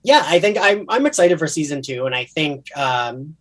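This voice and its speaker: Podcast co-host, man from New Jersey, Jersey accent, lively up-and-down pitch, a bit husky. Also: normal speed. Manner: chatty, many fillers, animated. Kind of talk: casual chat.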